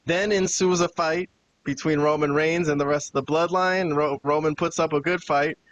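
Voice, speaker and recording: A man's voice: fairly high pitch, moderate pace, dull audio. A man hosting a podcast, casually recapping a wrestling show and acting out the quoted lines as he tells it. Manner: animated retelling with quoted dialogue. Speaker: podcast host.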